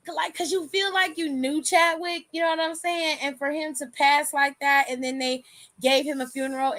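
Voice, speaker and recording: Woman, high voice, AAVE, casual livestream host, candid and profane, dry room. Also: fairly bright tone, no echo. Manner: candid, swears freely, laughs often. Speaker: aftershow host reading chat.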